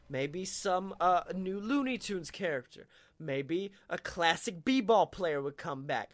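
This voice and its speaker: A man co-hosting a comedy podcast, telling an animated, swear-filled story and pretending to be a small-town lawyer. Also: sits high, unhurried, no room sound. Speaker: podcast co-host. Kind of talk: comedic mock courtroom argument.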